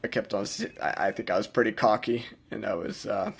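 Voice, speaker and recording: A man's voice: fairly low pitch, very animated, fairly quick, gravelly, breathy edge. A young man giving a casual, self-mocking director's commentary, rambling with lots of filler words.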